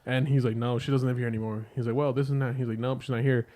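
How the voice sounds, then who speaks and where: A man's voice: medium pitch, little pitch movement, fast, dark tone. A man casually retelling a film plot on a podcast, rambling with lots of "like" and swearing. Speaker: podcast co-host. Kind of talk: casual movie review chat.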